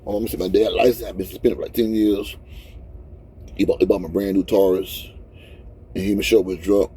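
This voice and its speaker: A man in his fifties cries as he talks through a rambling, heartfelt vlog from his truck cab, repeating himself. His low voice holds a steady tone at a quick pace, mellow with a breathy edge. He's a truck driver vlogger in casual, emotional talk.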